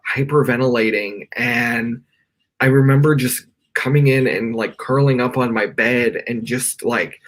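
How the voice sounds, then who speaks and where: Young man, podcast guest, earnest and rambling, mid-pitched voice, talking from his bedroom. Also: a bit bright. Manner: earnest, rambling, many "like" fillers. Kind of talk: candid personal storytelling in a live interview.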